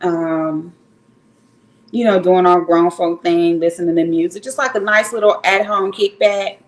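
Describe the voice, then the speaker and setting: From her home in Cleveland, a woman livestreams through a home setup, chatting candidly with viewers, wandering in her talk and swearing at times. Her voice is lowish and fairly even in intonation, her pace measured, and the audio poor.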